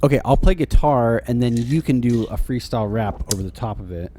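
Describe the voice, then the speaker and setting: A man's voice: medium pitch, a little fast, warm tone, a little hiss or hum. A man co-hosting a podcast in easygoing casual chat, often murmuring agreement. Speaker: podcast co-host.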